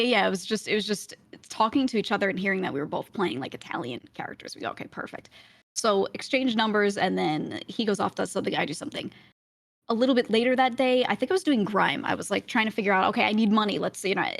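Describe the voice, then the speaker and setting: A woman's voice: medium pitch, animated, vocal fry, dry recording. A woman guest on a podcast, telling a long story in casual chat with frequent laughs. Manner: chatty storyteller, quick laughs.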